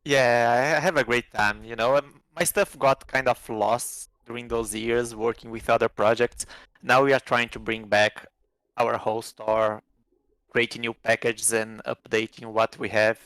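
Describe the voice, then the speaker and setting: A man's voice: mid-range voice, level tone, a little slow, fairly bright tone, no room sound, rough recording. A man whose first language is Portuguese, a guest in a casual live interview, speaking modest, hesitant English. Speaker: interview guest, asset developer.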